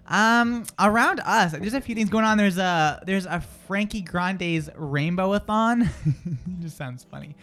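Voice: medium pitch, a little slow, fairly bright tone. A radio co-host, chatting casually on air in a giggly, rambling, jokey way. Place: radio studio.

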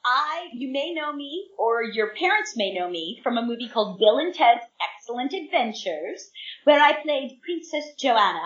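A woman's voice: fairly high pitch, very animated, normal speed. A woman in her fifties, a guest actress chatting eagerly in an interview and speaking straight to young listeners. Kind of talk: casual interview chat. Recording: roomy, distant, dull remote line.

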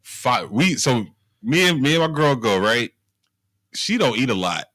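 A young man in casual chat, telling stories in an animated way with heavy slang and swearing. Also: mid-range voice, unhurried, dry recording, studio quality. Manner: animated storytelling, profane slang.

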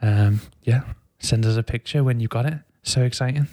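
A man's voice: mid-range voice, normal speed, mellow, dry recording. A man hosting a podcast, chatting casually with enthusiasm and jokes. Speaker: podcast host. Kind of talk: casual chat.

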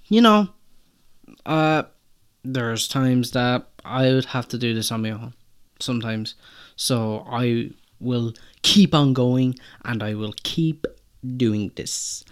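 A young man hosts a podcast alone. He talks in a rambling, self-conscious way and keeps stopping to restart his sentences. His voice sits at an ordinary pitch for a man. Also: smooth. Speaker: podcast host. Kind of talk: solo podcast monologue.

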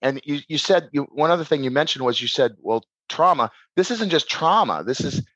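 A man's voice: a little high, fairly quick, no echo, dull audio. A man, a podcast guest who does shadow work, talking casually, rambling and restarting his sentences. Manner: rambling, repeats words and restarts, animated.

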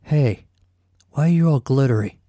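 A man's voice: mid-range voice, normal speed, warm tone, no echo, pitched above the performer's own voice, lightly acted. A man voicing a dying, middle-aged man who talks in a weary, sardonic way.

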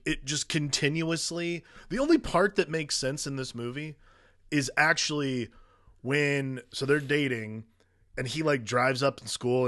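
A man's voice: mid-range voice, fairly bright tone. A man co-hosting a podcast, rambling through a casual comedic movie review with many fillers and restarted sentences. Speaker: podcast co-host.

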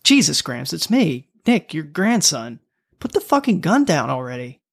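A man's voice: a little high, very animated, moderate pace, gravelly, pitched above the performer's own voice, exaggerated voice. A man doing a nervous young grandson. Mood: pleading.

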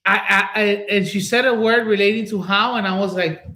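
A man, a paranormal investigator from Florida, telling stories casually in an animated way and swearing freely. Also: high-pitched, brisk. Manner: animated, swears a lot, acts out voices in stories. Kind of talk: casual storytelling. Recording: echoey room.

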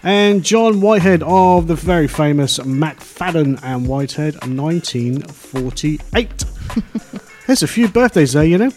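A man co-hosting an afternoon radio show in a relaxed, jokey way, rambling through birthday lists and banter with his co-host. His voice sits a touch high for a man, and faint music plays beneath the talk. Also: measured pace. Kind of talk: casual radio chat.

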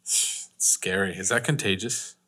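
A man's voice: low voice, steady tone, measured pace, pushed and bright, slightly rough. A man co-hosting a podcast in casual chat, joking and teasing and laughing a lot. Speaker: podcast co-host.

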